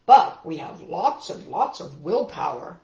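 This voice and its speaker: A woman's voice: lowish voice, sing-song, a little slow, gravelly, a little mellow, echoey room, lo-fi sound, voice pushed down, full character voice. Woman voicing a sensible storybook frog. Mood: earnest. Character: sensible, patient male frog friend.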